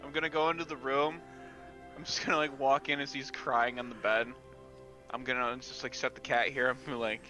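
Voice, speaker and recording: A man's voice: mid-range voice, level tone, brisk, music in the background. A man playing in a tabletop game, talking playfully and crudely with laughter. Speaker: player.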